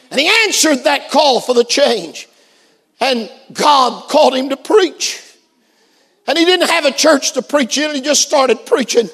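A man preaching a sermon, who shouts and then drops very low to tell a story. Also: expressive, unhurried. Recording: echoey hall.

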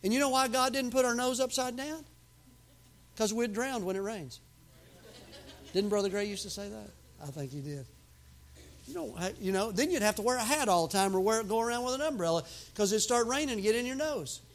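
A man preaching a sermon as pastor, emphatic, with sudden loud outbursts and folksy humor. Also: high voice, brisk.

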